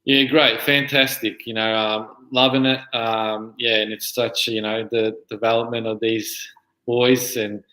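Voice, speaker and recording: An Australian man in his thirties chats as a guest on a podcast, rambling along with plenty of filler words. His voice is bright and forward, and it rings in an echoey room. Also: mid-range voice, level tone, measured pace. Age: 30s. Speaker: guest player and junior coach. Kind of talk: casual interview chat.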